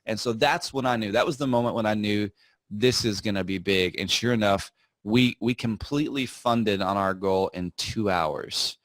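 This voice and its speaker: A man with a lowish voice tells his story as a podcast guest. He talks in a relaxed, rambling way and often restarts his sentences. The sound is dry and close, with no room in it. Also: normal speed, no echo. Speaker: podcast guest, software founder. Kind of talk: casual interview storytelling.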